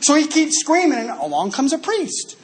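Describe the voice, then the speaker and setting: A man from Dallas, Texas, giving an animated, laughing recovery talk at a convention. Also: extremely high pitch, normal speed. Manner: animated storytelling, laughs often. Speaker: AA speaker.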